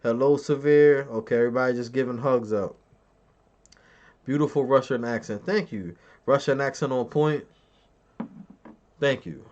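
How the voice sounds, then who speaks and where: Streamer, male, mid-pitched, crude boastful banter with chat, dull lo-fi mic. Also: normal speed, pauses often, darkish tone. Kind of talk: casual live-stream chat.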